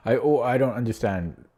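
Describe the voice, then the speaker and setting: A man's voice: mid-range voice, dark tone, breathy edge. A man streaming chess, thinking aloud while solving puzzles, muttering to himself and getting frustrated.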